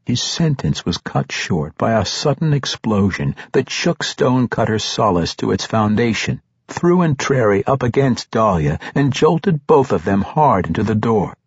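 A man with a husky voice, reading a novel aloud in a measured, steady manner. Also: fairly low pitch, no echo. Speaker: audiobook narrator. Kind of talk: scripted narration. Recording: dull, dry, muffled.

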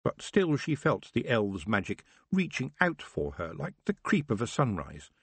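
Husky low-voiced male narrator, expressive. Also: moderate pace, dry recording. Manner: expressive storytelling. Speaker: audiobook narrator. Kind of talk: scripted narration.

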